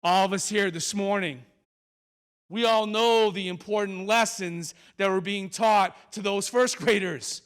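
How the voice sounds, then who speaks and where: A man giving an animated motivational talk on a school auditorium stage, telling stories dramatically and acting out the characters. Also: sits high, clean tone. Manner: dramatic, acts out characters, big pauses. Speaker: motivational speaker.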